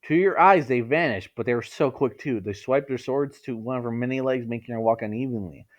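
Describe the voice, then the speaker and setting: A man's voice: medium pitch, a little fast, lo-fi sound. A man reading a fan fiction story aloud in a casual way, stumbling over words now and then. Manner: casual, stumbling, laughs at the text.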